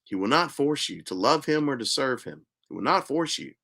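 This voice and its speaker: A man hosting his own show, preaching in a slow, repetitive, emphatic cadence. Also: medium pitch, expressive, creaky, bright, forceful tone. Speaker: host. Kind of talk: preaching monologue.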